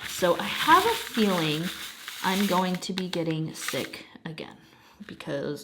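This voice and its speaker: A young adult woman chatting casually while she works on a craft, telling a story in an animated way with laughs and the odd swear, a little snuffly from a cold. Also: fairly low pitch, takes it slowly, background noise. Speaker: craft channel host. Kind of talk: casual chat while diamond painting.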